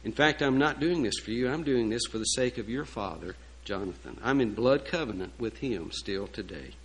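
A kindly ancient king speaks in a calm, measured voice, as a preacher reads his words. His tone is reassuring and steady, close to the preacher's own voice. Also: medium pitch, close to an everyday voice.

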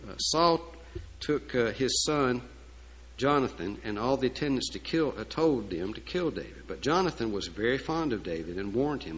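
A man's voice: medium pitch, expressive, moderate pace, fairly bright tone, a little hiss or hum, rough recording. A man preaching a sermon in a folksy, emphatic way, with asides and fillers. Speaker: pastor.

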